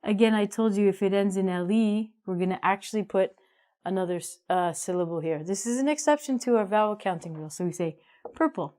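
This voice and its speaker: A woman teaching an English grammar lesson, upbeat and emphatic, slowing down to stress key words. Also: medium pitch, warm tone.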